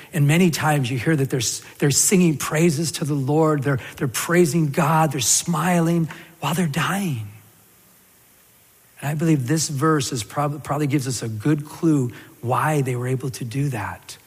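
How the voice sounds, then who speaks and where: A man with a husky, slightly breathy voice at a middle pitch, teaching scripture in a loose, conversational way. He often restarts his sentences and fills with "you know". Long reverb trails behind him, as in a hall. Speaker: pastor. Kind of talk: radio Bible teaching.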